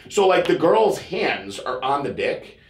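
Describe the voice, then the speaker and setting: A man hosting a podcast, telling a crude story in a rambling casual way and mimicking others in high voices. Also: very animated, unhurried. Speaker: podcast host. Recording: echoey room.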